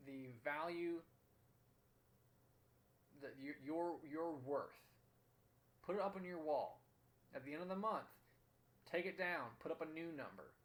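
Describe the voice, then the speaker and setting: A man's voice: on the high side, expressive, takes it slowly, pauses often, fairly bright tone. Earnest young man telling a motivational story. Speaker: host. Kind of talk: motivational talk.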